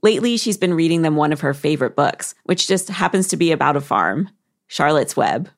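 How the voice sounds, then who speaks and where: A woman, the podcast host, delivering calm, measured scripted narration. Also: low-pitched.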